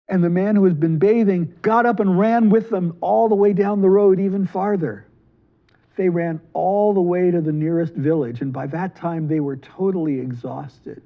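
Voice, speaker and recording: Male children's storyteller, high-pitched, animated delivery, muffled lo-fi audio. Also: vocal fry. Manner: lively, animated, switches into quick character voices. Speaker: library storyteller.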